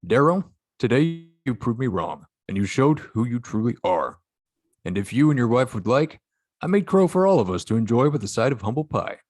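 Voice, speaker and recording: A man's voice: mid-range voice, very animated, moderate pace, a little mellow, dry recording, studio quality. A man reading a gracious crew member. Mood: warm.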